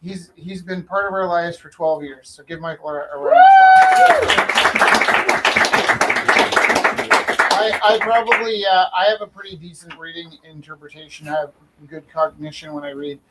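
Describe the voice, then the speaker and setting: A man's voice: sits high, huge pitch swings, moderate pace, pauses often, very noisy. A man hosting a live stream who tells a story casually, with many restarts and fillers. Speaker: host and auctioneer.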